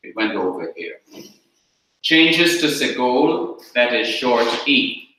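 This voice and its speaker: A Jamaican man teaches grammar in a slow, measured lecture, walking through each point with care. His voice is bright and sharp. The room around him rings with heavy echo. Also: mid-range voice, expressive, a little hiss or hum. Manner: slow, deliberate explaining, repeats points. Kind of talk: classroom lecture. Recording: very echoey room.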